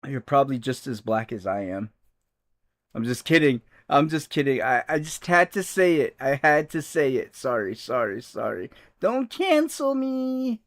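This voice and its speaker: A man's voice: mid-range voice, animated, moderate pace, fairly bright tone. A man hosting a casual livestream, joking with his chat and laughing often. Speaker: livestream host.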